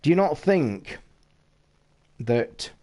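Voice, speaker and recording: A British man chatting casually on a live stream, talking to his viewers in an excitable, rushed way and swearing constantly. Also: fairly high pitch. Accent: British English. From United Kingdom.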